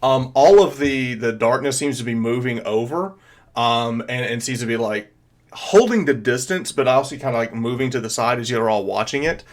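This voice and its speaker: A man at mid pitch runs a tabletop session as game master. He rambles through scene descriptions, padding them with ums and likes. His delivery stays casual. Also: moderate pace. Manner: rambling, filler-heavy descriptions.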